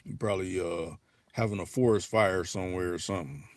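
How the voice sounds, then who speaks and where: A man's voice: low voice, brisk, a little hiss or hum. A man with an African American English accent hosting a livestream, chatting loosely and profanely with many restarts. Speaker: livestream host. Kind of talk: casual livestream chat.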